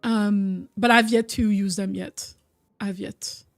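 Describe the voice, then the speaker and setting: A woman's voice: mid-range voice, fairly even intonation, slow, vocal fry, no room sound. A young woman streaming a game and chatting casually with her viewers, getting over a cold. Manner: chatty, reads and answers chat, hums and sings bits. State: recovering from a cold.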